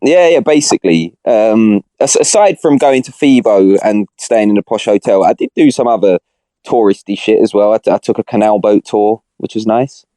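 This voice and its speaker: A man's voice: on the low side, normal speed, mellow, no room sound. A young man on a podcast, chatting casually in rambling slang with lots of restarts. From Britain. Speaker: podcast co-host. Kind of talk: casual chat.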